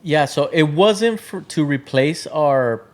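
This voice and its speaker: A man from the Tri-Cities area of Washington state, a drink brand founder, talks casually as a podcast guest. His voice sits on the high side and is expressive, moving at a slow pace. He rambles loosely, packing in fillers and acting out other people's quotes.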